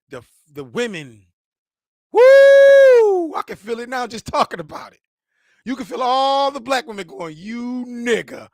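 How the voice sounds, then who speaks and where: Animated high-voiced man commentating. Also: no echo, studio quality. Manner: animated, laughing, repeating himself, mimicking voices. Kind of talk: casual commentary.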